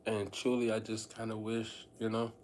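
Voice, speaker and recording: A man with a somewhat low voice livestreams to his viewers in an unscripted, meandering way. He repeats himself and speaks straight to the audience. A faint background noise sits under his voice. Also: monotone, moderate pace, a little mellow. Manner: rambling, repeats phrases, addresses viewers as y'all. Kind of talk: casual livestream talk to viewers.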